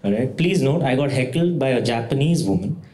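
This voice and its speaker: A man's voice: mid-range voice, lively intonation, fairly quick, mellow. A man from India, telling a story in a stand-up comedy set and often checking in with "right?". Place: small comedy venue stage. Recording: roomy echoey stage sound.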